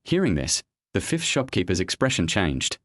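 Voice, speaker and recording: A man reading a serialized story as narrator in an even storytelling manner. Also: low voice, moderate pace, dry recording, clean studio sound.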